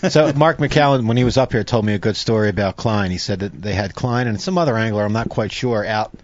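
Earnest, lower-voiced male talk show host. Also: quick pace, no room sound, lo-fi sound. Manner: earnest, searching for words. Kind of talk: casual chat.

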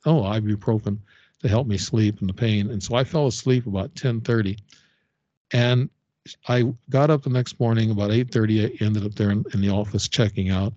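An older man tells a long personal story as a podcast guest, wandering and restarting his sentences often. His voice sits low, and the recording is dry and a bit dull, with no room sound. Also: steady tone, dark tone, dry recording. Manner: rambling, halting storytelling with frequent fillers and restarts. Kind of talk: casual storytelling interview.

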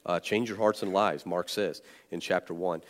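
A male pastor preaching a sermon to his congregation, animated and joking, with plenty of fillers and restarts. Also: deep voice, normal speed. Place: church sanctuary. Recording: long church hall reverb.

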